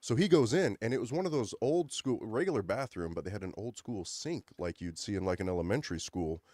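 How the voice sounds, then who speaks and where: A man with a lowish voice tells loose, rambling stories on a studio podcast, slipping into voices for the people in them. He is close on the mic, and the sound is dry with no room ring. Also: animated, a little fast, darkish tone, no room sound. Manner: rambling anecdotes with acted-out quotes. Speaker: podcast co-host. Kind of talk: casual chat, storytelling.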